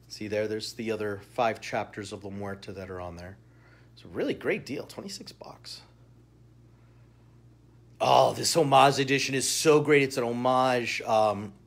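A man's voice: fairly low pitch, fairly bright tone. A man hosting a live comic-shop sales stream, chatty and upbeat, greeting chat viewers by name and laughing often. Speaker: shopping show host. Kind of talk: live-stream product showcase.

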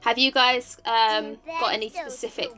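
An English woman chatting excitedly as she plays a life-sim game, cheering on and coaxing her characters. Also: on the high side, moderate pace, soft background music. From England. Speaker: gaming YouTuber. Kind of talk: casual let's-play commentary. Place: home, top-floor flat.

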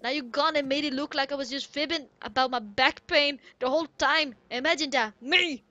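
A woman reading game lines as a boisterous male rock-creature miner, putting on a loud, mock-gruff attempt at an Irish accent. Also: sits high, fairly quick, no echo, dull audio. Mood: hearty. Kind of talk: reading game dialogue aloud in a put-on voice.

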